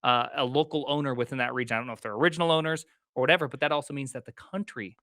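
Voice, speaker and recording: A man co-hosts a casual tech podcast, excitable and jumping between half-finished thoughts. His voice is bright and forward, and the sound is dry and close with no room around it. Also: medium pitch, no echo. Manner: excitable, talks in quick restarts. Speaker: podcast co-host.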